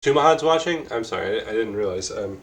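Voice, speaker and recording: A man with a somewhat low voice co-hosts a casual stream. He asks questions in a relaxed, joking way and is quick to exclaim. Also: crowd noise. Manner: easygoing, jokey, quick to exclaim. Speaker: podcast co-host and interviewer.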